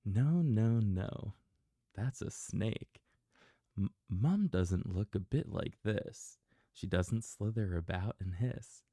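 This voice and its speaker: A man's voice: lowish voice, slow pace, dark tone, dry recording, studio quality. A man voicing a little lost baby monkey in a bedtime storybook reading, speaking insistently in rhyme. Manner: insistent, rhyming storybook lines.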